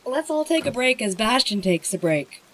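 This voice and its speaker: A streamer reading a bedtime story aloud and chatting with viewers, in a gentle, emotional way. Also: sits high, poor audio.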